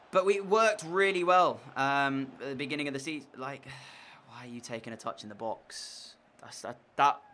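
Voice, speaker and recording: Excitable young gaming commentator. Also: male voice, a little high. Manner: swings from frustrated muttering to shouted excitement. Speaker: gaming YouTuber. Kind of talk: game commentary.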